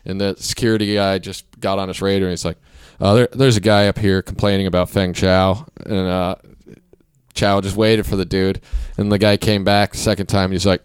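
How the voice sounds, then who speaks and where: A man with a low, smooth, resonant voice tells long, laid-back anecdotes as a podcast host. The sound is dry and close, with no room in it. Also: level tone, normal speed, no echo. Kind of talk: casual podcast chat.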